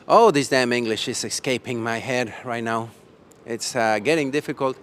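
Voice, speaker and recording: A man's voice: medium pitch, expressive, normal speed, fairly bright tone. A man hosting a live stream from a conference, chatting playfully and rambling, a little tired. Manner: playful, rambling, laughs often. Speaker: livestream host. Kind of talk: casual live stream chat. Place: conference hall after the event.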